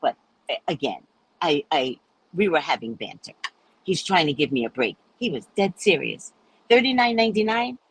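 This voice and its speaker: Host brief: woman, husky, lively storyteller, swears freely. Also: sits low, moderate pace. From United States. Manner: animated, profane, acts out the people in her stories. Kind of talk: casual storytelling.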